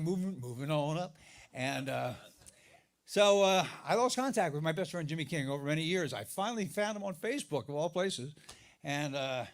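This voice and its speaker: A man doing a stand-up comedy set, telling a long joke in a rambling, self-interrupting way. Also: fairly high pitch. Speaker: stand-up comic. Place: live comedy venue.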